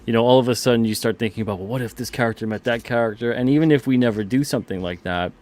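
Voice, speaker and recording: A man talking casually as a comics publisher guest, enthusiastic and halting with many restarts. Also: medium pitch, darkish tone. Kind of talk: casual conversation.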